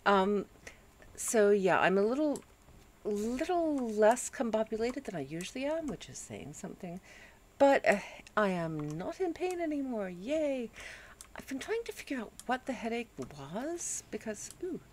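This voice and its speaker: A woman streaming a video game from home, groggy after a headache, chatting calmly with viewers and fussing at her dog. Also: a little high, unhurried. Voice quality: calm, soothing voice. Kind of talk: casual live-stream gameplay chat.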